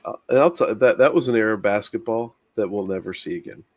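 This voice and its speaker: A man co-hosting a casual chat, agreeable and easygoing, with quick interjections. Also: on the low side, no echo.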